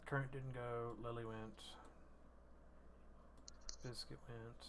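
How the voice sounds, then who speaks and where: A man narrating a tabletop game as game master, relaxed and explanatory. His pitch is middling, and faint noise hums behind him. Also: slow pace.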